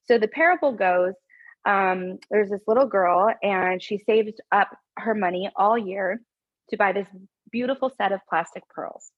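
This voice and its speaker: A woman speaking as a podcast guest, telling a story in an earnest, animated way with many fillers and restarts. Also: medium pitch, a little slow, no echo, lo-fi sound. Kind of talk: conversational storytelling.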